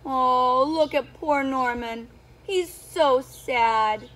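A woman who is a children's storyteller, reading a picture book aloud to young children in an animated teacher's voice that keeps asking them questions. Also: high-pitched, drawn-out words. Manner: animated, sing-song teacher talk with questions to the kids.

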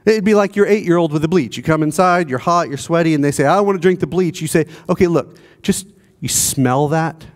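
A pastor preaching a sermon in a conversational way, asking the congregation rhetorical questions. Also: male voice, on the high side, a little fast. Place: church.

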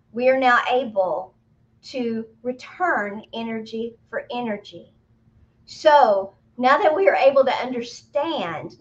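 A woman with a fairly high voice, talking through spiritual teachings in a relaxed, conversational way. She breaks into playful, excited exclamations as she explains. The audio is a bit muffled and lo-fi. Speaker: spiritual medium co-host. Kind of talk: casual spiritual teaching talk.

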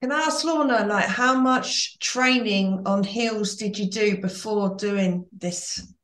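A woman's voice: medium pitch, slow pace, a bit bright, roomy sound, rough recording. A woman co-hosting an interview podcast who cuts in with direct questions. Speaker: podcast co-host.

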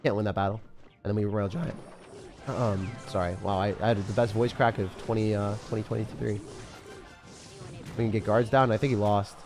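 A young man giving live commentary as he plays a mobile game, thinking aloud and breaking into sudden excited yelps. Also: on the low side, fairly quick, soft background music. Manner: excitable, talks to himself while playing, sudden yelps. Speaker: game streamer.

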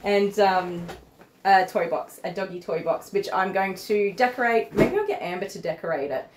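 A woman's voice: medium pitch, expressive, normal speed, noisy background. A woman dog groomer hosting a casual livestream from her salon, chatty and easily emotional.

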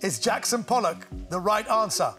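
A man's voice: sits high, animated, normal speed. A male quiz show host teasing contestants in playful game show banter. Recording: loud studio crowd and music. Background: studio audience and music.

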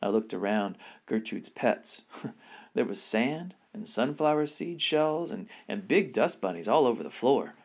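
A man reading a children's chapter book aloud, his mid-range voice rising and falling with lively expression. He tells the story with an animated, storytelling lilt. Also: medium pitch, measured pace. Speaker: reader.

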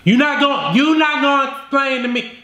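A man voicing a shrill jealous girlfriend. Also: lively intonation, fairly quick, sharp tone, muffled recording, exaggerated voice. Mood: indignant. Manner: accusing, confrontational. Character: suspicious jealous young girlfriend. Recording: roomy echo.

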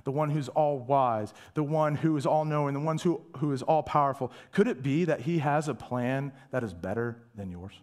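A male pastor preaching a sermon, emphatic, asking rhetorical questions and dropping to a hush at times. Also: medium pitch, moderate pace, hardly any pauses. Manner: dramatic shifts from loud to hushed, whispering asides.

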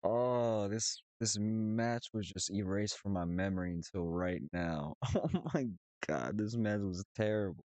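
A man's voice: lowish voice, measured pace, darkish tone, dry recording. A man hosting a reaction video, laughing often, exclaiming and swearing as he comments on clips.

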